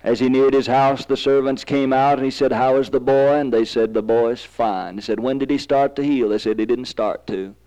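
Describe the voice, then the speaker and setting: A man's voice: medium pitch, steady tone, moderate pace, few pauses, mellow, clean tone, poor audio. A man preaching a sermon, telling stories and rising to fervent emphasis.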